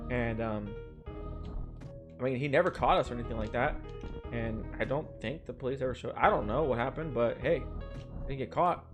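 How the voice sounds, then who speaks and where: A young man streaming a game, rambling and swearing as he tells an old story with laughs mixed in. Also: mid-range voice. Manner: rambling, swears freely, laughs through stories. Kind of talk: casual storytelling while gaming. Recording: game music behind the voice.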